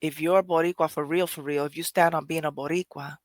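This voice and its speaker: A podcast host from Puerto Rico talks through a personal reflection in an earnest, conversational, loose way, often backing up to restart phrases and casually letting curses slip. His middling-pitched voice is fairly even in intonation and fairly quick. It's recorded close and dry with no room sound.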